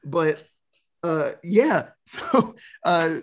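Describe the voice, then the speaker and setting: A young man on a podcast talks through a film scene by scene, cursing casually and slipping into quick impressions of the characters. His pitch sits a little high and swings widely, so the telling sounds lively and animated. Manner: profane, laughing, acts out characters' lines. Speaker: podcast co-host recapping a film. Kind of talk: casual chat.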